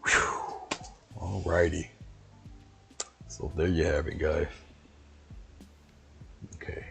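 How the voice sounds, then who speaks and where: Deep rough-voiced guy talking through his painting, rambly and relaxed. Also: slow pace, soft background music. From US East Coast. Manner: rambling, chatty, talks to himself while working. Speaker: painting instructor. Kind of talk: casual painting demo.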